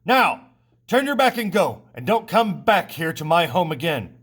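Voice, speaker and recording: A man's voice: a little high, very animated, normal speed, fairly bright tone, breathy edge, voice pushed up, exaggerated voice. A man reading the part of a proud, angry king aloud in a scornful, accusing way. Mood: furious.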